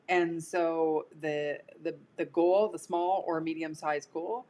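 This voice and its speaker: A woman's voice: lowish voice, slight background noise. A woman coach talking casually on a live stream, chatty and prone to digressions. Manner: chatty, digressive, laughs easily. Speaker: career coach.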